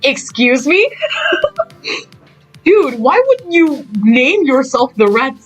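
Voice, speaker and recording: A woman's voice: a little high, poor audio. A woman reading a game story aloud, breaking off into gushing, giggly fan reactions.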